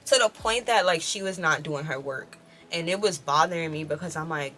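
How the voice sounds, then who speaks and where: Animated, slangy woman telling a story. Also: low voice, normal speed, a little hiss or hum. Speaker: vlogger. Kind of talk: casual storytelling vlog.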